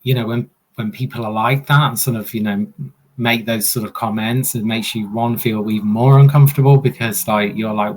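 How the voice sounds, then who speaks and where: A man's voice: fairly low pitch, fairly even intonation, a little fast, a little mellow. Hesitant man, searching for words. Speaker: host. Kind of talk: casual chat about mental health.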